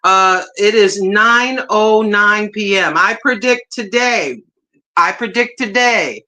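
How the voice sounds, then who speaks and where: A woman from Puerto Rico hosting a casual livestream chat, talking in an excited, effusive way and repeating herself. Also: medium pitch, slow. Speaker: livestream host.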